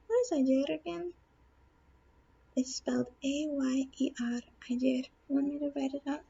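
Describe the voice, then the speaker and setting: A woman's voice: high-pitched, a little slow, vocal fry, mellow, highs cut off. A woman teaching a Spanish grammar lesson on video, patiently asking questions and answering them herself. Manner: patient, asks and answers her own questions.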